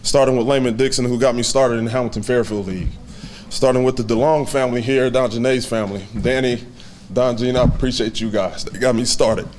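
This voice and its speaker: A man in his twenties giving a heartfelt, halting acceptance speech to a banquet audience, with many fillers. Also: mid-range voice, steady tone, darkish tone, a little hiss or hum. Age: 20s. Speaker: hall of fame inductee giving a speech.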